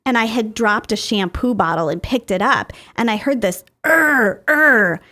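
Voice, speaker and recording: A woman's voice: medium pitch, normal speed, a bit bright. Woman therapist explaining with examples. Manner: explains with everyday family examples. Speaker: guest therapist. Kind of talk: podcast interview.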